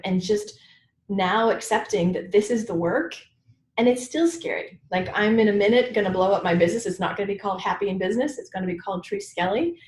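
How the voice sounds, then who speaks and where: A woman coach, a guest expert in an interview, telling her story in an animated way with laughs. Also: mid-range voice, roomy sound. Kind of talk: conversational interview.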